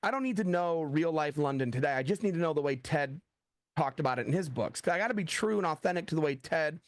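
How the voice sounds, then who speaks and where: A man's voice: a little high, fast, dry recording, studio quality. A middle-aged American man, a thriller author, chatting in an interview, telling stories animatedly and acting out quoted dialogue. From USA. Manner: animated storyteller, acts out quoted dialogue, frequent "like". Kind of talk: casual interview talk.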